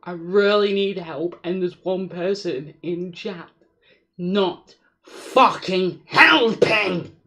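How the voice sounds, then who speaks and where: A woman's voice: on the low side, slow, pushed and bright, recorded from a distance. A woman streaming a game, swearing and talking to herself in frustration as she searches for the way forward. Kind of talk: live gameplay commentary.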